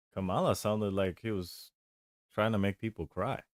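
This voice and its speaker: Deep, slow, laid-back male streamer. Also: no room sound, studio quality. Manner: rambling, laid-back, chuckles often. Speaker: game streamer. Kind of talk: casual gaming stream chat.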